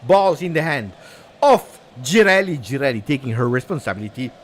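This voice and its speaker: Excitable man calling a match. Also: mid-range voice, a little fast. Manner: excitable, shouts at big moments, drops Italian words. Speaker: football fan streamer. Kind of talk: live match watch-along commentary.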